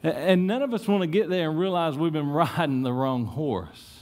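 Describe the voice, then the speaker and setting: A man preaching a sermon in church, telling stories with lively swings and dropping to a hushed tone for prayer. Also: fairly high pitch, moderate pace. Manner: animated storytelling, repeats words, drops to a hushed tone in prayer. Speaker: pastor.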